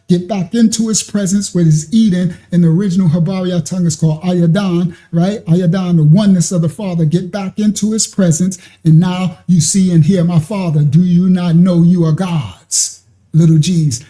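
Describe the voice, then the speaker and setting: Very dark-voiced male preacher. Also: a little high. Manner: rambling, keeps asking "you understand?". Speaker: religious teacher. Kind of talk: live-streamed scripture teaching.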